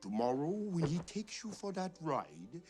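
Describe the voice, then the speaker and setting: An actor voicing a fussy, devoted male crab advisor who scolds and coaxes slowly, from a film clip. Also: on the high side, big pitch swings, a little mellow. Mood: fretful coaxing. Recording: film clip with faint music.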